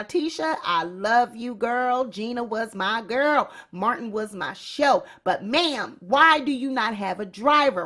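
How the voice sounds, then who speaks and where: A woman's voice: a little high, fairly bright tone. Sassy woman hosting a gossip show. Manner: sassy, talks straight to viewers. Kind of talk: casual commentary.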